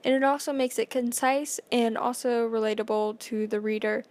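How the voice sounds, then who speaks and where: A woman with a slightly high voice reads a school presentation aloud. She goes carefully, stumbling now and then and filling gaps with small fillers. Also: steady tone, moderate pace, darkish tone.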